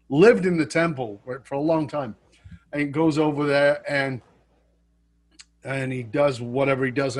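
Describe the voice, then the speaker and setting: A man casually telling a story, animated, acting out the people he quotes and laughing at himself. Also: medium pitch.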